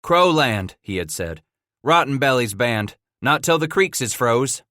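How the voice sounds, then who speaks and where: A man voicing a grizzled old mountain man trapper with a frontier drawl, gruff and worried, in a storybook reading. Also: mid-range voice, sing-song, unhurried, sharp tone, no room sound, clean studio sound, voice pushed up.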